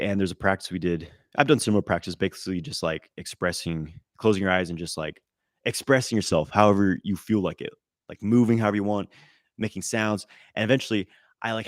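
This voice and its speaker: Deep-voiced guy doing a live q&a, rambly and animated, swears a lot, dry sound. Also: dry recording. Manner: loose and animated, swears, many fillers and restarts. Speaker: qigong teacher answering live chat questions. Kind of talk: casual live-stream Q&A.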